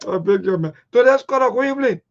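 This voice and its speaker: High-voiced radio host. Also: male voice, animated, fast talker, soft background music. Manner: loose, chatty, greets callers as brother. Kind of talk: casual call-in radio chat. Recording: muffled, dull broadcast audio.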